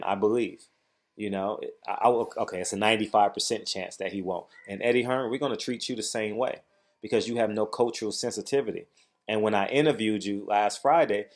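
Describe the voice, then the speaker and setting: A man hosting a heated boxing commentary vlog, speaking in an agitated, emphatic way and repeating phrases for stress. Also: medium pitch. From United States. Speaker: boxing commentator, channel host.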